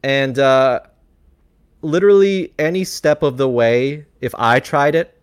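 A man hosting a podcast, telling stories in a lively casual way, swearing and acting out other people's voices. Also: medium pitch, measured pace, smooth, dry recording, studio quality. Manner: animated storytelling, swears, acts out voices.

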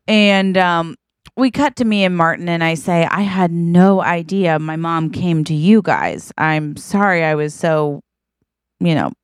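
Woman co-host, improvised comic storytelling, acts out quoted lines, smooth tone, lowish pitch, dry close sound. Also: dry recording. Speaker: podcast co-host.

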